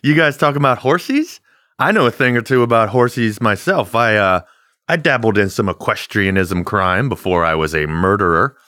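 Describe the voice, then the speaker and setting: A man's voice: low voice, normal speed, smooth, dry recording, studio quality. A man doing a brash, swaggering murderer convict. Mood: mocking. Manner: loud, swaggering, cursing.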